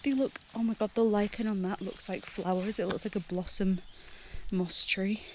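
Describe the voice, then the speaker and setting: A young woman, the hiking vlogger, talking casually to her handheld camera on a misty woodland trail outdoors, gushing and excitable, often laughing and dropping to hushed murmurs. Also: medium pitch, moderate pace, background noise. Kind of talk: casual vlog narration while hiking.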